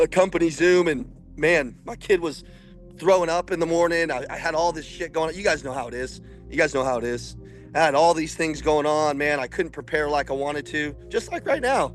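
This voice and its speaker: A man coaching salespeople in an intense, preachy motivational speech that builds to shouting. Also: on the high side, a little fast, soft background music.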